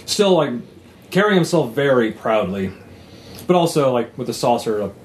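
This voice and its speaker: A man narrating a tabletop game as game master, talking in a loose, animated way with many fillers. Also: mid-range voice, moderate pace, slight background noise.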